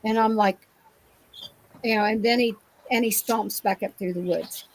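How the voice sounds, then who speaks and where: Woman, from Ohio, guest, rambling storyteller, lots of fillers, middle pitch, remote call mic. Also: fairly even intonation, moderate pace, rough recording. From Ohio, USA. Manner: rambling, vivid retelling with many fillers. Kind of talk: casual storytelling interview. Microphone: remote call microphone.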